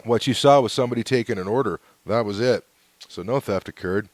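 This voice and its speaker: A man's voice: on the low side, fairly quick. A man hosting his own podcast, rambling casually through hate mail with lots of fillers and chuckles. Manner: laid-back and rambling, with frequent fillers and chuckles. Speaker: podcast host.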